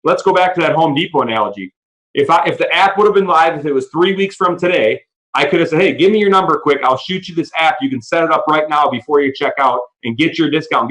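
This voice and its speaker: A man presenting a business opportunity on a call, excitedly telling stories and acting out the dialogue. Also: a little high, poor audio. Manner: excited storyteller, acts out quoted dialogue; talks fast, restarts sentences when fired up. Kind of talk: animated sales pitch on a call. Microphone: audio call.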